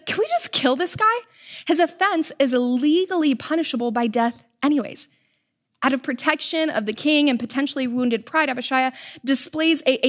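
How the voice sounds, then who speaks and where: High-voiced young woman preaching casually. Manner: casual, animated storytelling with slang. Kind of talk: sermon.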